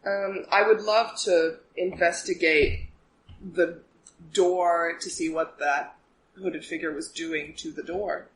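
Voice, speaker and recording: A woman's voice: lowish voice, takes it slowly, slight background noise, low-quality recording. A woman playing a tabletop role-playing game, playful and casual. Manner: playful, animated. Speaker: player.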